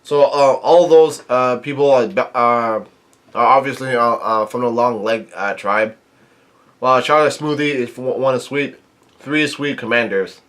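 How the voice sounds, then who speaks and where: A man's voice: mid-range voice, fairly bright tone. A man reviewing a comic chapter, reading each character's lines aloud in his own plain voice and adding his own comments. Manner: halting reading, quotes dialogue without acting it. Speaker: manga reviewer.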